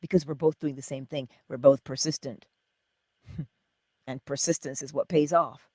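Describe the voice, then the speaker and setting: A woman hosting a motivational livestream, with a husky voice, laughing often and answering her chat. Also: very deep voice, normal speed, no room sound, studio quality. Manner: animated, laughing, talks to chat. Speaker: livestream host.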